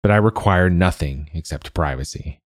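A man voicing a dying old woman wizard who talks in a quiet, mournful and aloof way in a storybook reading. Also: low-pitched, normal speed, no room sound, studio quality, close to an everyday voice. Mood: weary, mournful.

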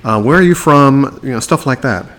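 A man's voice: medium pitch, lively intonation, moderate pace, a bit bright. Guy hosting a podcast, joking around, loose and rambly, plain middle voice. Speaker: podcast host. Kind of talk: casual podcast chat.

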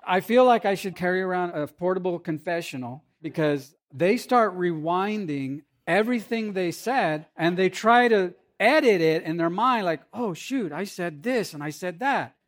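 A male pastor delivering a sermon in a relaxed, conversational way. His voice sits a little higher than most men's, and he breaks into playful asides and little acted-out quotes as he preaches. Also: moderate pace, few pauses.

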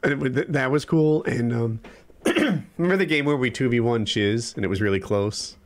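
A man's voice: medium pitch, moderate pace. A man in his forties co-hosting a podcast, chatting casually and rambling with lots of fillers. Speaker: podcast co-host. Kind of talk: casual chat.

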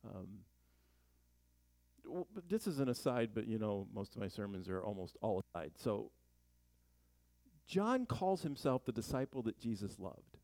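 A man's voice: lowish voice, very animated, unhurried, vocal fry, long pauses, dark tone, dry recording. A man teaching a Bible study in a chatty sermon style, full of joking asides and rhetorical questions.

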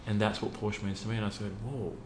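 A man's voice: on the low side, flat delivery, quick pace, roomy sound, noisy background. A man with an Australian accent speaking in an interview, earnestly telling a personal story with many ums. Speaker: interview guest, youth program founder.

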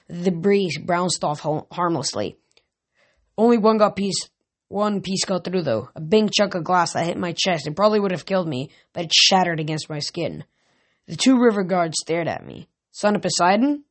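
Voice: medium pitch, sing-song, normal speed. An audiobook reader narrating a story in first person, in a casual delivery with frequent stumbles and self-corrections.

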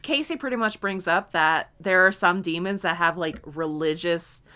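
Bright, animated young woman co-host. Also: lowish voice, normal speed. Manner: animated, swearing, laughing often. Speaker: podcast co-host. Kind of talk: casual chat reviewing a TV episode.

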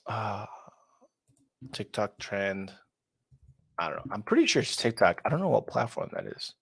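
Guy reacting to clips, slangy, says like a lot, bouncy pitch, dry close sound. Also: sing-song, moderate pace, vocal fry, husky, no room sound. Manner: casual slangy, lots of "like". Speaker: host. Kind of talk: casual reaction commentary.

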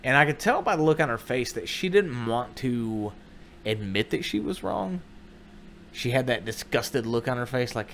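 Animated, foul-mouthed male storyteller. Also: mid-range voice, moderate pace, slight background noise. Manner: animated, profane, swings into loud quoted voices. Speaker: comedic storyteller. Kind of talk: casual comedic storytelling.

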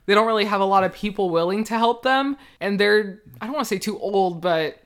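A woman's voice: mid-range voice, brisk. A young woman co-hosting a podcast, giving casual, indignant opinions on a reality show and laughing often. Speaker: podcast co-host.

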